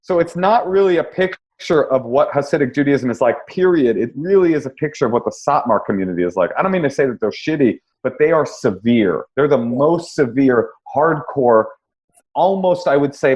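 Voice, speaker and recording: A man's voice: mid-range voice, darkish tone. A man, a comedian guest, telling wry, self-deprecating stories in a casual podcast chat. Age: young adult.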